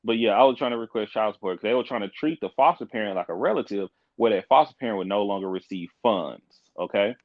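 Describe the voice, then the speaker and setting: A man's voice: on the low side, dry recording. Brief: young man, podcast guest, frank emphatic storyteller, muffled dry recording. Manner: frank, emphatic, fast restarts. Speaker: podcast guest, court caseworker. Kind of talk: animated casual storytelling.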